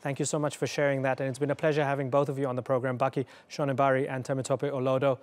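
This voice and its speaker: A man hosting a news programme, asking formal, measured questions of his guests. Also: medium pitch, flat delivery. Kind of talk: studio interview.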